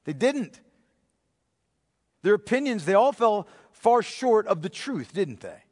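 A man preaching a sermon as pastor, emphatic, asking the congregation rhetorical questions and dropping to a hushed voice for effect. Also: sits high, sing-song, slow pace, big-room sound. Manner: dramatic drops to a hushed voice.

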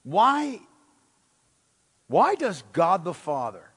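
Pastor guy preaching, really high voice for a man, hammering points w questions, long echo like a big hall. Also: huge pitch swings, very slow, a bit bright, breathy edge. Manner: emphatic, rhetorical questions, repeats key words. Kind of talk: sermon.

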